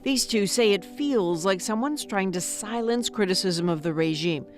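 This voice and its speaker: Woman doing news narration, steady and serious, music playing under her. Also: mid-range voice. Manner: measured, serious delivery. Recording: voice-over with music bed.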